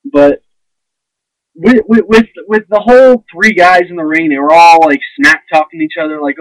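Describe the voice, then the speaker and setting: A man's voice: on the high side, moderate pace, no room sound, poor audio. A young man ranting to camera in a blunt, sarcastic, profane and rambling way. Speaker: vlogger. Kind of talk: casual ranting monologue.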